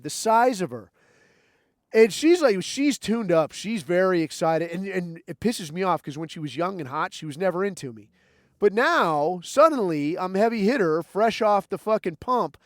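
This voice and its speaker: A man's voice: on the high side, clean tone, no echo. A man in his thirties hosting a podcast, telling crude stories in a profane, rambling rant. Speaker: podcast host.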